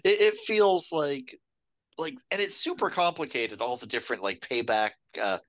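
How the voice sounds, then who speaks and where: Female podcast co-host, bright tone, dry close sound, wry quick reactions. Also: low-pitched, no room sound. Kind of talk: casual film-recap chat.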